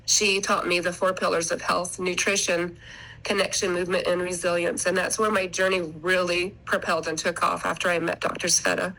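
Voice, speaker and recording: Here a middle-aged woman talks fairly quickly in a level, pushed, bright voice that sits on the low side, captured on a rough recording. As a podcast guest and mother of three, she shares her family story casually, earnest and rambling, restarting sentences often.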